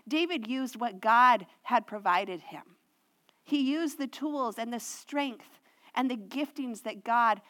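A woman preaching a sermon, earnest and personal, slowing and softening when she reads scripture aloud. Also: fairly high pitch. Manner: slows and softens to read scripture.

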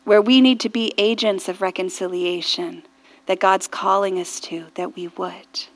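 A woman pastor preaching a sermon earnestly and reflectively, often dropping to a hushed near-whisper and rising to fervent prayer. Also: mid-range voice, steady tone, normal speed. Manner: rises to fervent intensity in prayer.

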